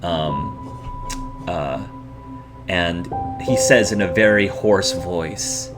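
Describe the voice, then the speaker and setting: A man with a low voice narrates a tabletop role-playing session slowly and deliberately. He describes each scene in detail, often filling pauses with ums and likes. Loud music plays behind him. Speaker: game master.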